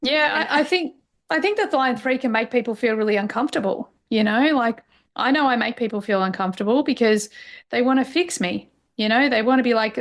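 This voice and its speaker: Middle-aged woman guest coach, fairly high voice, open and emotional, chatty with fillers. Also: brisk. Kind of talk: candid personal conversation.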